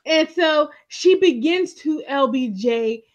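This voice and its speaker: A woman with a high voice talks through a show recap, emphatic and quick to agree. Her voice comes through a dull, lo-fi recording. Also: lively intonation. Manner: chatty, emphatic, agreeing, laughing. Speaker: podcast co-host. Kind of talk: casual recap chat.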